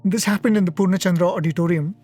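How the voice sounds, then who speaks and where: Speaking at a satsang, a man with a slightly high voice tells a devotional story in an earnest, reflective way, his intonation fairly even and his tone warm. He pauses frequently and relies on little fillers along the way. His voice was recorded in a media centre studio, with faint music far in the background.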